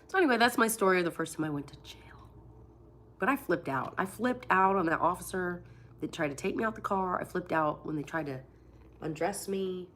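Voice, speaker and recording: Speaking a little fast in a fairly low, slightly bright voice, this woman has a faint hiss or hum behind her. In her forties and from Florida, she's sick with a cold while recounting blunt, profane tales on a casual livestream, voicing the other people involved.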